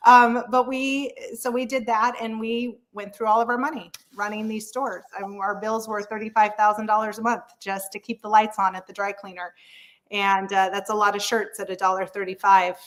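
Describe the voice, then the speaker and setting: A woman's voice: mid-range voice, level tone, normal speed, fairly bright tone. A woman in her thirties talks candidly as an interview guest. She speaks in a frank, chatty way and tells her story with lots of fillers and easy laughter. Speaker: real estate agent guest.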